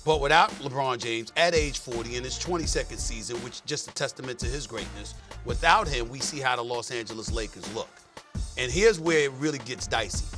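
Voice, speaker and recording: A man giving televised sports analysis, making measured, emphatic points. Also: mid-range voice, bright, forceful tone. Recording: broadcast clip with faint music.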